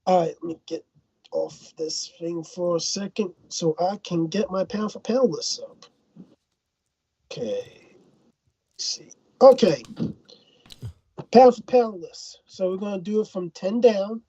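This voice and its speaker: A woman's voice: mid-range voice, animated, unhurried, long pauses, mellow, slightly rough, no echo, dull audio. A woman from Ireland co-hosting a casual boxing talk show, opinionated and given to repeating words while she thinks.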